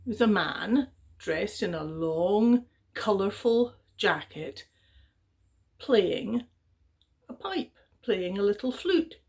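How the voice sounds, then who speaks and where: A middle-aged woman telling a traditional story to young children in a gentle, chatty way, with fillers and little voiced exclamations. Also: medium pitch, animated, slow, creaky, pauses often.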